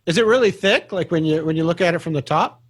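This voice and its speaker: A man's voice: fairly high pitch, fast talker, husky. A man hosting a casual interview on a video call, eager, with short reactions and lots of questions. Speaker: podcast host.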